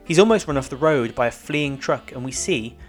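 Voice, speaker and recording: A man's voice: mid-range voice, expressive, brisk. Man recapping an episode over music. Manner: plain, matter-of-fact narration. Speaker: podcast host.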